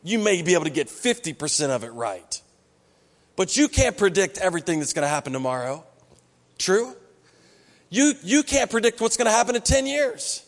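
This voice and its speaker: High-voiced preaching man in a reverberant hall. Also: sing-song, moderate pace. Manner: conversational preaching, acts out quoted voices. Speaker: pastor. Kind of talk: sermon. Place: church hall.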